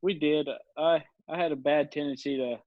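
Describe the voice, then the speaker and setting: In his twenties and guesting on a podcast, this man tells rambling, casual stories full of fillers and frequent laughter. His fairly high voice holds a steady tone at normal speed, with no echo, in a dull, dry lo-fi recording.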